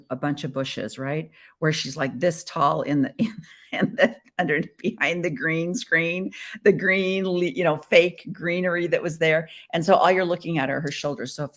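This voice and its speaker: Playful middle-aged woman host from the Midwest, chatty on a webcam live stream, voice sits a bit low. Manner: chatty and playful, with frequent laughs. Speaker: podcast host. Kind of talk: casual live-stream chat.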